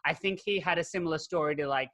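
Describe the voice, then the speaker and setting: A man hosting a casual fan podcast, talking in an animated, chatty way full of "like" fillers. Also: fairly high pitch, fast talker. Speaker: podcast host. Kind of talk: casual chat.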